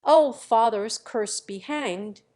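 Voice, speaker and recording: A woman's voice: on the high side, takes it slowly, mellow. A woman voicing a bitter young man who taunts his father with malice. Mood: sneering. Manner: sneering, malicious.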